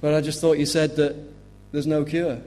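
A man's voice: fairly high pitch, little pitch movement, normal speed, mellow, soft background music, close to an everyday voice. A man voicing a bewildered ancient man with leprosy who asks plaintive questions, in a sermon. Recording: long hall reverb.

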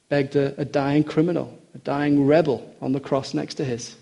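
A man delivering a sermon in an earnest, emphatic way. His voice is mellow and a little husky. He slows down when he quotes scripture. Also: medium pitch, steady tone. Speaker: preacher.

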